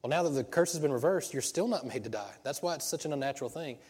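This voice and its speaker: A man's voice: on the high side, lively intonation, quick pace, darkish tone, husky, big-room sound. A pastor preaching a sermon in a conversational way, asking rhetorical questions and restarting his sentences.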